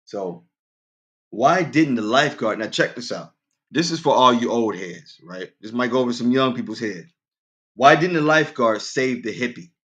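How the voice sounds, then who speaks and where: A man's voice: lively intonation, normal speed, fairly bright tone, highs cut off. A man hosting a casual radio show, telling dad jokes, laughing at his own punchlines and talking straight to his listeners. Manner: quoted voices go far higher in pitch.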